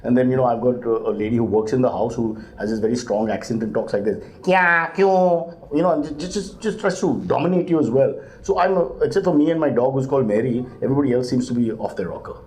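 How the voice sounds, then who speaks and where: A middle-aged man, a comedian answering parenting questions with deadpan jokes and sudden mock voices. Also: fast talker, few pauses. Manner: deadpan comic asides, jumps to high mock voices. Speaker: guest comedian.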